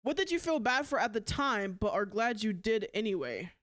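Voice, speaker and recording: A young woman streamer with a medium-pitched, fairly bright voice talks animatedly at normal speed. She's blunt and profane in casual chat, rambling and often starting over.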